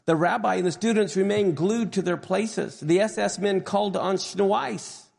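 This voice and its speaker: A man preaching, retelling a story in an earnest, measured manner. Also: high-pitched, vocal fry, darkish tone, in a large hall. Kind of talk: sermon storytelling.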